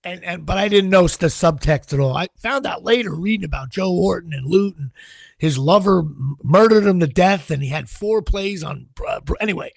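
Middle-aged jersey guy telling stories, high voice with a gravelly edge, keeps tripping over his words. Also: moderate pace, no room sound. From Central New Jersey. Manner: animated, stammers and repeats words while telling stories. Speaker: guest actor. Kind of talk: anecdotal interview storytelling.

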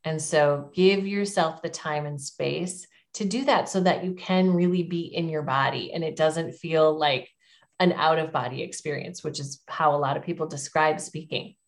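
A woman's voice: sits low, normal speed. A middle-aged woman giving public speaking advice as an interview guest, in an encouraging, emphatic coaching tone.

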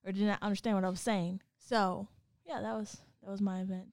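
A woman co-hosting a casual podcast, telling a story in an animated way and acting out the other people's lines. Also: medium pitch, brisk, gravelly, no echo, clean studio sound. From Hispanic background. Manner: animated, acts out quoted dialogue. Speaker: podcast co-host.

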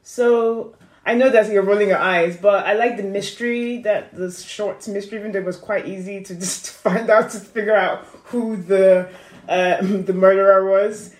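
A woman co-hosting a casual podcast, relaxed and agreeable, often murmuring along in agreement. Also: medium pitch, moderate pace. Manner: relaxed, agreeable, gives frequent murmured backchannels. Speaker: podcast co-host. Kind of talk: casual chat about dramas. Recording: echoey room.

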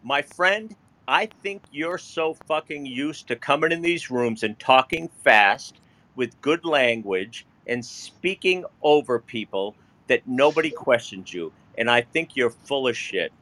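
A man's voice: mid-range voice, animated, a little slow. A man hosting a live debate, arguing heatedly, swearing and talking over the others. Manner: profane, forceful, talks over others. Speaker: debate show host.

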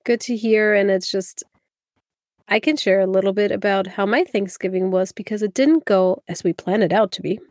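A woman's voice: medium pitch, moderate pace, a little mellow, no echo. Woman, casual podcast chat, laughs easily, dry sound. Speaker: podcast co-host.

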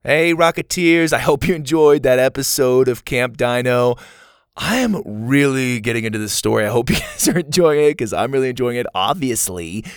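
Male kids' story host, gravelly voice, very animated delivery, dry close mic. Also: medium pitch, moderate pace, no echo. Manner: warm, upbeat and direct to kids. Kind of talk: children's story reading.

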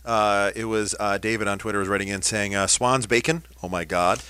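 Chatty upbeat radio host, bright voice. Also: male voice, on the low side, fairly even intonation, fairly quick, clear, resonant tone. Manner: upbeat, chatty, reads listener messages aloud. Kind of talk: casual on-air chat.

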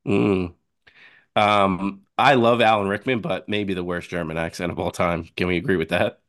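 Lowish voiced guy hosting a movie podcast, laughs a lot, easygoing. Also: steady tone, moderate pace, a bit bright, no echo, clean studio sound. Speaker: podcast host. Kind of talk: casual movie chat.

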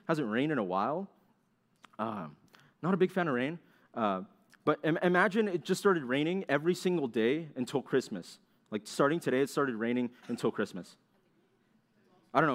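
Young man preaching in a casual, questioning way. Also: medium pitch. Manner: conversational, asks the listeners questions; acts out complaining voices in quick asides. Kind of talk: sermon.

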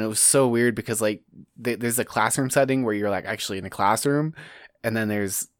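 A young man in a casual podcast chat, halting and stumbling over his words. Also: lowish voice, steady tone, dry recording, clean studio sound. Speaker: podcast co-host.

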